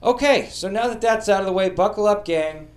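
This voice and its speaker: A man's voice: high voice, fairly quick. A man hosting a podcast, telling comedic history stories with a profane, joking delivery. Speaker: podcast host.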